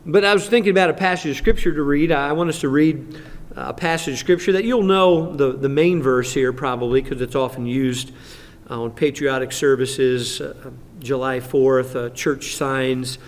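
A man's voice: mid-range voice, steady tone, moderate pace. A man preaching a sermon in a conversational manner, rising to fervent emphasis when he reads Scripture. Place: church sanctuary. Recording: long church reverb.

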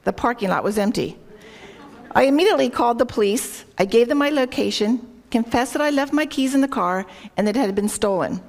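Speaking into a worn microphone, a woman with a slightly high, animated, brisk voice and darkish tone addresses a women's group. Her earnest devotional talk mixes a story with scripture reading, and she often turns to her audience with questions.

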